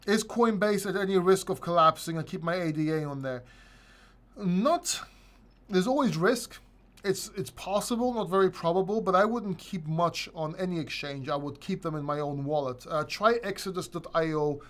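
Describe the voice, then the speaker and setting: A male crypto livestream host with a slightly higher-pitched voice chats loosely with his viewers. He reads their questions aloud and answers in a relaxed, off-the-cuff way, full of "you know" and restarts. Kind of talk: casual live-chat Q&A.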